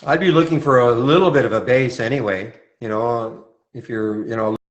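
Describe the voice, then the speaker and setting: Running a live trading-room session, this Montreal man speaks at a middle pitch and normal speed, with lo-fi sound. He fields viewer questions in a relaxed, chatty manner, often starting his sentences over.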